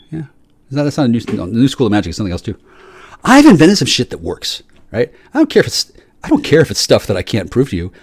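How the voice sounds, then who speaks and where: Ranting, profane man with wild pitch swings. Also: wildly swooping pitch, quick pace, husky, no room sound. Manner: profane, combative, stammering restarts. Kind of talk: angry solo rant to camera.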